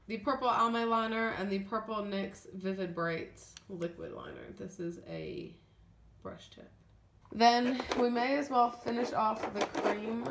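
Chatty young woman in an echoey room. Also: mid-range voice. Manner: chatty, rambling, trailing off with ums. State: sniffly, feeling unwell. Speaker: beauty vlogger. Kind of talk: casual makeup declutter chat. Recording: echoey room with faint noise.

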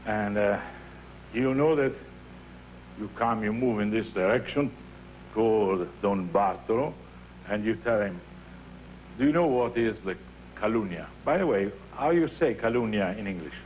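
An older man with an Italian accent coaches young singers, his speech animated as he acts out little scenes and voices. The recording is dull and lo-fi, with a faint hiss behind him. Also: lowish voice, a little slow. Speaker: opera teacher leading a masterclass. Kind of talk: teaching and storytelling.

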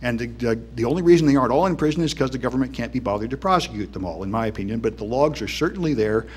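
A man's voice: medium pitch, animated, very fast, slightly rough. A man giving a conference talk in a wry, dismissive, conversational way, with plenty of "um"s and "anyway"s. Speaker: conference speaker. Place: conference hall.

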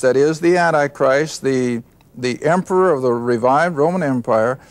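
A man's voice: a little high, animated, fairly quick, no room sound. A man teaching a Bible study, reading verses aloud and explaining them, often asking questions and answering them himself. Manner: reads scripture aloud then explains.

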